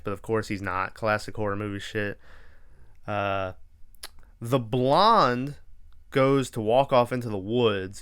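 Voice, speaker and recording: A man's voice: mid-range voice, bright, forceful tone, clean tone. A young man hosting a podcast, casually recapping a horror movie in a rambling, profane way and acting out the characters' lines. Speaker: podcast host.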